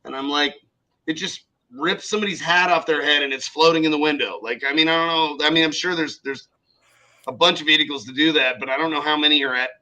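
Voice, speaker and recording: Male podcast co-host with a very bright, slightly high voice, who tells lively stories full of acted-out quotes. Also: fast talker, poor audio. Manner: animated storyteller acting out quoted people, swears freely. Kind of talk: casual chat.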